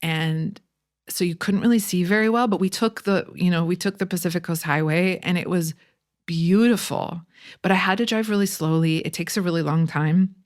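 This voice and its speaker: A woman's voice: on the low side, normal speed. A woman in her forties from Michigan, a podcast guest telling a story casually and candidly, swearing now and then and laughing at herself.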